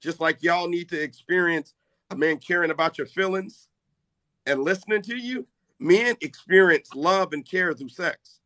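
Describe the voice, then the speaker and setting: A man's voice: sits high, normal speed, bright, forceful tone, no room sound. A middle-aged man hosting a casual live chat, talking brash and boastful. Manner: brash, boastful trash talk. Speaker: live stream host.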